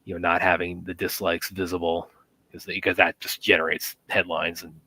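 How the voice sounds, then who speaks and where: A man co-hosting a casual stream chat, halting and often repeating his words. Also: low-pitched, flat delivery, sharp tone, husky, dry recording. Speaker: co-host.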